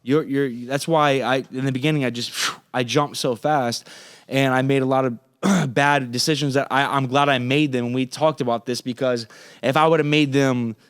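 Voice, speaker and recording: Smooth-voiced man, profane and rambling. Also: medium pitch, steady tone, moderate pace, no room sound, clean studio sound. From Florida, USA. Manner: profane, rambling, frequent restarts. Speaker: podcast guest, singer. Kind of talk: casual interview chat.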